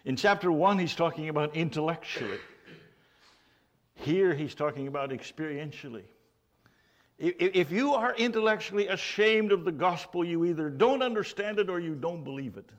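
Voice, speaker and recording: A man preaching a sermon, swinging between loud, emphatic declarations and low, quiet lines. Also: lively intonation, moderate pace, muffled recording.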